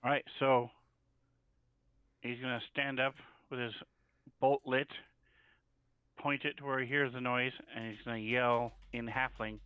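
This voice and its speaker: A man playing a tabletop game, calmly explaining what his character does. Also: mid-range voice, measured pace, pauses often, clear, resonant tone, no room sound. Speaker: player. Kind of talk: casual tabletop play.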